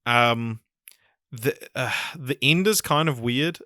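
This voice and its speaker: A man's voice: medium pitch, slow, sharp tone, no echo, studio quality. A man with a New Zealand accent hosting a podcast in casual chat, rambling with lots of fillers and frequent swearing. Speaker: podcast host.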